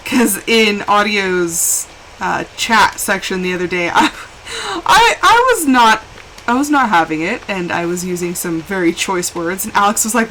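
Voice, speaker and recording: A woman's voice: mid-range voice, normal speed, a little hiss or hum, poor audio. A young woman chatting casually and animatedly while live-streaming a game. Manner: chatty and animated, with laughs and exclamations.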